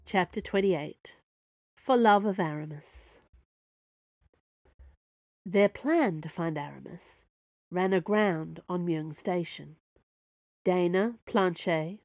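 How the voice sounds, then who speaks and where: A woman reading her own serialized fiction aloud, expressive and lively storytelling. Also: fairly low pitch, no room sound, muffled recording. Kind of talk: scripted fiction narration.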